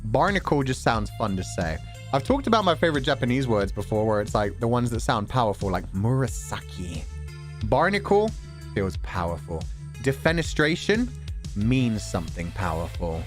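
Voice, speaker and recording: A man's voice: lowish voice, very animated, moderate pace, soft background music. A man streamer in a casual chat, reading out donation messages, playful with words and swearing casually.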